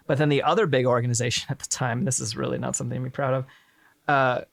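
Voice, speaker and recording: A man hosts a relaxed history chat with a gravelly, creaky voice. He swears freely and throws in wry asides, recorded dry and close with mid-range pitch. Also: quick pace, no room sound. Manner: irreverent, profane, joking asides. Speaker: stream host. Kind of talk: casual history chat on a live stream.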